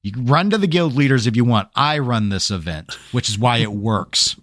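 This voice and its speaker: Animated man telling a long gaming story. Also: mid-range voice, normal speed, dry recording, studio quality. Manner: animated storyteller, acts out exasperated quotes. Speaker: podcast co-host. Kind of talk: casual gaming podcast chat.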